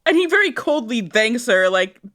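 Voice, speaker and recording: A woman's voice: on the high side, big pitch swings, moderate pace, a bit bright. A woman co-hosting a casual rewatch podcast with wry, blunt remarks and free swearing. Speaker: podcast co-host.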